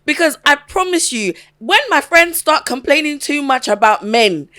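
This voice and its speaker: Woman co-host, really high bright voice, swoops all over, gets worked up fast. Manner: excitable, exasperated outbursts. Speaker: podcast co-host. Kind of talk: casual chat.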